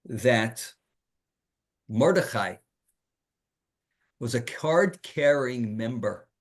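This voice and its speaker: Speaking at medium pitch, a rabbi lectures on the Torah with animation and emphasis. He asks rhetorical questions and scatters Hebrew terms throughout.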